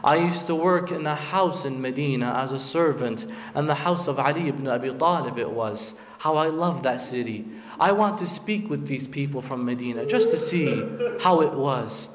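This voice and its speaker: A man's voice: mid-range voice, moderate pace. A man delivering a Muharram sermon, telling the story dramatically and voicing the figures in it. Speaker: preacher. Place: large prayer hall. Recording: roomy hall echo.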